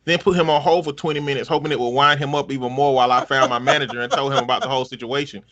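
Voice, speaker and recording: Bright-voiced man reading stories aloud. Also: medium pitch. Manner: wry, laughing, profane. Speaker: podcast host reading online stories. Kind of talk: casual story reading.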